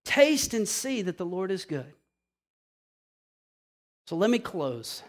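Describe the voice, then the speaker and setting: A man preaching a sermon, animated and emphatic, repeating key phrases and speaking straight to the congregation. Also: sits high, slow. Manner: animated, emphatic preaching with repetition and direct address. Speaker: pastor.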